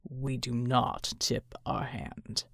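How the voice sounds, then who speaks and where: A woman voicing a calm, stern male field commander in an audiobook. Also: a bass voice, takes it slowly, slightly rough, no room sound, studio quality, voice pushed down, full character voice. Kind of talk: audiobook character voice.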